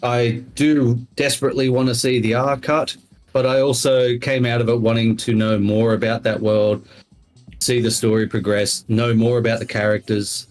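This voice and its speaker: A man's voice: medium pitch, little pitch movement, moderate pace, a little mellow. A man giving his film review as a podcast guest, rambling and hedging with lots of fillers. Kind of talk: casual chat.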